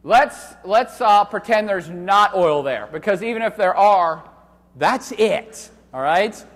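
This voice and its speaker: A university lecturer giving a live classroom lecture, loud and animated, joking with students and swearing casually. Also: male voice, high voice, slow pace. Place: large lecture hall. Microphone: handheld microphone. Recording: reverberant lecture hall.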